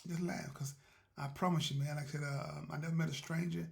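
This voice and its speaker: This motivational show host speaks fast in a high-leaning, creaky, slightly mellow voice with a level tone. In a casual storytelling monologue, he rambles through a folksy tale about doing right and gives spiritual encouragement.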